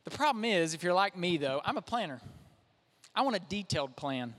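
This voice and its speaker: A man's voice: high-pitched, very animated, a little fast, fairly bright tone. A young man, a pastor, preaching a sermon in a conversational, self-deprecating way. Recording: reverberant hall.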